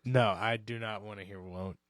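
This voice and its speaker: A man's voice: fairly low pitch, steady tone, normal speed, a bit bright. A man co-hosting a comedy podcast in casual chat, teasing and joking. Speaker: co-host.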